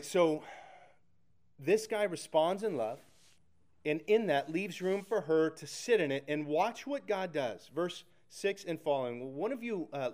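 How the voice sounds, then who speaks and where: A middle-aged man preaches to his congregation in a slightly raised voice, telling stories and acting out what people said. He moves between quiet, reflective stretches and loud, emphatic bursts. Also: fairly high pitch. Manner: animated storytelling with acted quotes. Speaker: pastor. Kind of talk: sermon Bible study.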